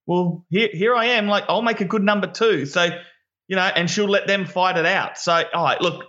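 A man co-hosting a casual recap chat, his voice bright and forceful and pitched a little high. He talks in an animated way and stumbles over repeated words when he gets excited. The sound is dull and lo-fi. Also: normal speed. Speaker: podcast co-host.

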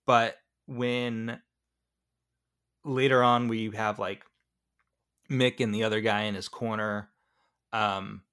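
A man's voice: medium pitch, fairly bright tone. A man co-hosting a casual movie podcast, talking with rambling enthusiasm and many restarts. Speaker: podcast co-host. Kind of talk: casual movie review chat.

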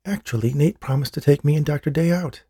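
A woman's voice: fast, dark tone, breathy edge. A man voicing an anxious older mother. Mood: pleading. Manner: pleading, raised pitch. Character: anxious older mother, hopeful, easily agitated.

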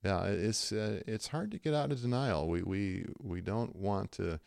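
A man with a fairly low voice hosts a faith podcast and tells stories in an animated way, acting out the people he quotes. The sound is dry and close, with no room around it. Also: moderate pace, vocal fry, clean tone, dry recording. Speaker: podcast host.

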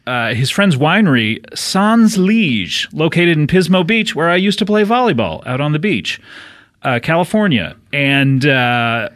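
A man's voice: a little high, expressive, a little slow, fairly bright tone. A man hosting a comedy podcast, rambling through stories and laughing often as he chats. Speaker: podcast host. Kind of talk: casual comedic banter.

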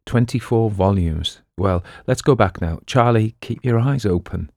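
A man voicing a quick-witted, self-assured male bookseller and amateur sleuth with a breezy manner. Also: lowish voice, creaky, darkish tone, no room sound, studio quality, pitched above the performer's own voice.

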